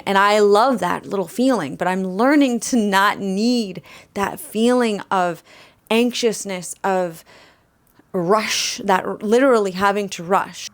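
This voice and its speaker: A young woman musician talking candidly in her bedroom for a vlog, chatty and rambling, with frequent fillers and restarts. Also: mid-range voice. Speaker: vlogger and musician.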